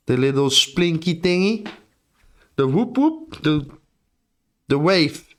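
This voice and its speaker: A man's voice: a little high, a bit bright. A European man streaming live, chatting casually and joking with his viewers in a laid-back, drawling way.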